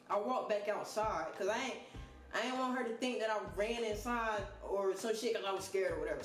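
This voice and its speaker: Profane, joking young man telling a story. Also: high voice. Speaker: vlogger. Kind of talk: casual storytime monologue. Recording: roomy echo with faint music.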